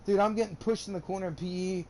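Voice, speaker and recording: Rambling, profane young man, high gravelly voice. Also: fairly even intonation, fast, a little mellow. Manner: rambling, profane, restarts often. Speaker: gamer streamer. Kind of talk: casual storytelling chat.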